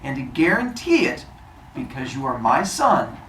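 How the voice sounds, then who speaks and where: A man voicing a booming, fatherly male sun god who makes loud, slow, grand pronouncements. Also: wildly swooping pitch, reverberant, slight background noise, rough recording.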